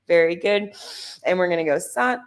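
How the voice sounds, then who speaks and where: A woman's voice: lowish voice, normal speed, clear, resonant tone. A woman who is a holistic doctor, leading a live Kundalini yoga class with casual, chatty instructions and rhythmic chanting.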